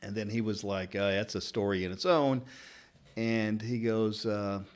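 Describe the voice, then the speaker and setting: A man's voice: on the low side, unhurried. A middle-aged man from Louisville with a Kentucky accent, a barber casually rambling through anecdotes in conversation. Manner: rambling storyteller, animated retelling of anecdotes. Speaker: barber and interviewer. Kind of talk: casual chat.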